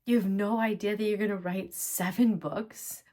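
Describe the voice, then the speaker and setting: Speaking at a normal speed in a mid-range voice, this mother of five in her thirties recounts her story to camera with lots of laughter and animation. Her inner thoughts come out in whispers.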